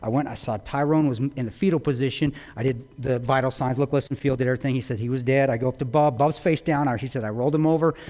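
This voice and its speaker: A man's voice: mid-range voice, fairly even intonation, fast talker, hardly any pauses, a little mellow. A man giving a public talk, retelling a story intensely with quoted dialogue. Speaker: guest speaker. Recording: long reverb of a large hall.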